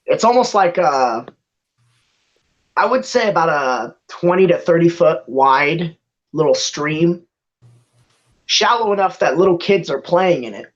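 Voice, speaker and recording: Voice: medium pitch, lively intonation. Laid-back game master on a dull mic. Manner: laid-back, laughs often, slips into quick character voices. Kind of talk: narrating a tabletop game.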